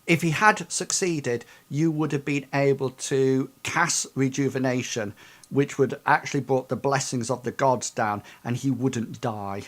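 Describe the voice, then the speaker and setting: Man, slow, hesitant, game master, explaining rules. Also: mid-range voice, a bit bright. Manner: hesitant, many ums and restarts.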